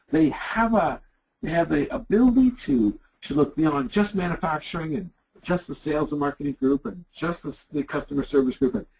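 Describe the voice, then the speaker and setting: A middle-aged man with a Canadian accent giving a chatty leadership presentation, acting out quotes in lively voices. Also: fairly high pitch, creaky, breathy edge, poor audio. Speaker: leadership speaker. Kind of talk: webinar presentation.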